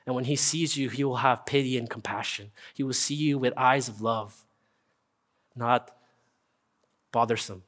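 A young man preaching a casual, earnest sermon, often checking in with listeners with a quick "right?". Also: mid-range voice, fairly bright tone. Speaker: pastor. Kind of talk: conversational sermon.

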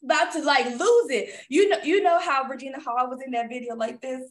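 A woman and mother telling a story in a casual chat, animated, acting out quotes and laughing often. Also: sits high, quick pace, few pauses. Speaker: podcast co-host and mother.

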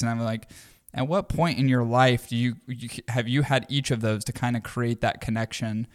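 A man's voice: medium pitch, steady tone, normal speed, a bit bright. A man co-hosting a podcast, talking in long rambling thoughts with restarts. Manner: rambling, many fillers and restarts, earnest. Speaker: podcast co-host. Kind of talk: casual chat.

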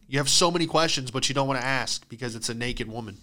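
A man's voice: mid-range voice, fast, few pauses, pushed and bright. A young man giving a profane, rambling comedic monologue as a podcast host, acting out the voices of people in his stories.

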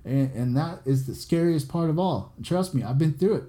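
Blunt, very dark-voiced motivational man. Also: fairly high pitch, lively intonation, moderate pace. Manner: blunt, profane, repetitive and preachy. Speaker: podcast host. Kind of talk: motivational monologue.

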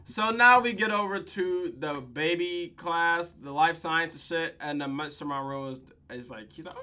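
Bright-voiced podcaster with AAVE speech. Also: medium pitch, a little slow, hardly any pauses. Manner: profane, laughing, animated retelling. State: tired late at night. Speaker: podcast host. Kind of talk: casual solo TV episode recap.

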